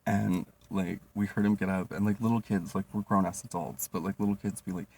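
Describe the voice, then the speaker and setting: A man's voice: deep voice, flat delivery, a little fast, vocal fry, darkish tone, breathy edge. A young man telling comedic stories casually, rambling with constant fillers, swearing and laughing. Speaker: vlogger. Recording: distant mic, faint noise.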